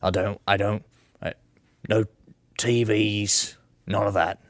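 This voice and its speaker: A man putting on a deliberately bad Australian accent to voice a simple-minded Australian man who hates complexity, speaking slowly in a low mumble. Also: steady tone, creaky, no echo, clean studio sound. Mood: laid-back. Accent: Australian (a bad impression).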